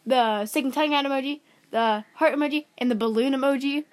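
A young woman casually retelling a dating story, giggling and quoting text messages in a flat voice. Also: high-pitched, fast talker. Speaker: co-host. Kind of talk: casual gossip chat.

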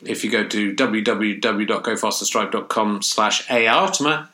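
A man's voice: on the low side, moderate pace, pushed and bright. A man in his fifties casually reading a plug for his podcast and stand-up show, with a few fillers. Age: 50s. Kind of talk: spoken plug.

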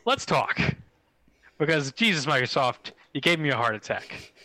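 Young man, casual podcast chat, excitable, filler-heavy, close dry mic. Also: fairly high pitch, no echo, low-quality recording. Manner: excitable, fast storytelling with swearing and many fillers. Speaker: podcast co-host.

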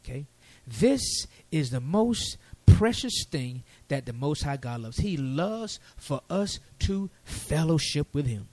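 A man preaching a sermon, lively and folksy with casual asides. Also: fairly high pitch, slow, dry recording.

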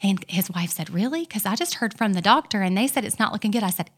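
A woman sharing a personal testimony in a casual talk, earnest, sometimes dropping to a hushed whisper and rising to fervent declarations. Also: mid-range voice, lively intonation, fast talker, hardly any pauses. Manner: earnest storyteller, drops to a whisper for quoted prayers and builds to fervent. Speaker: guest.

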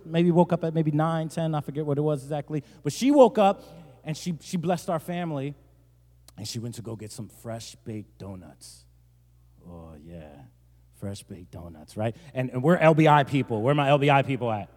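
A male pastor from New Jersey preaching a sermon, telling a joking story and rising to loud, emphatic bursts. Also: on the high side, brisk. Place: large church hall. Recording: long church-hall reverb.

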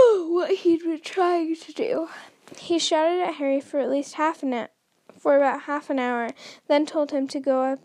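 A woman's voice: high-pitched, dark tone, no echo. A woman hosting a podcast, reading a book aloud in an unrehearsed way, often stumbling and restarting lines. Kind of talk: unrehearsed read-aloud narration.

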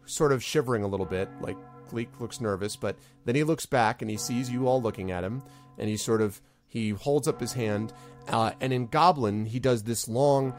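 A man's voice: medium pitch, normal speed, soft background music. A man narrating a tabletop game as game master, rambling with many fillers.

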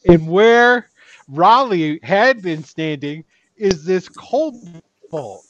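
A man running a tabletop game, his lively voice swinging widely as he narrates and rambles with frequent laughter. The pitch sits somewhat high for a man. The sound is dry and a little dull. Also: extremely slow, dry recording. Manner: animated, rambling, laughs often. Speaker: game master.

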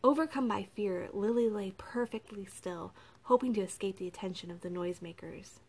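A woman's voice: mid-range voice, moderate pace, breathy edge. Woman reading a storybook aloud. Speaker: narrator. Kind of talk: scripted audiobook narration.

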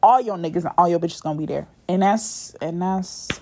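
Blunt, lower-voiced young woman telling a story. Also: a little fast, mellow. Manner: blunt, profane, dramatic, drops to a near-whisper for asides. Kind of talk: casual storytelling to listeners.

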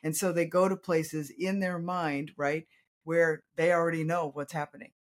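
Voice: medium pitch, little pitch movement, moderate pace. A life coach guest on a podcast, explaining in an earnest, easygoing way, often quoting clients and checking in with "right?". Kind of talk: conversational interview.

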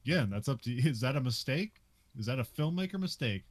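A man's voice: mid-range voice, lively intonation, quick pace, no room sound. Podcast guy summing up movie scenes, laughs a lot, dry close mic. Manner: laughs often, recaps the plot. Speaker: podcast co-host. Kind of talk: casual film discussion.

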